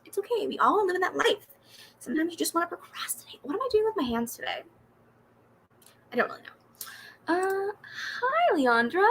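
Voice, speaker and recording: Bright high-voiced chatty young woman. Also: a little fast, gravelly, pauses often, slight background noise, low-quality recording. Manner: chatty, animated, giggly, swears casually. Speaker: booktube livestream host. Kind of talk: casual livestream chat reading comments. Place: home room with a fan running.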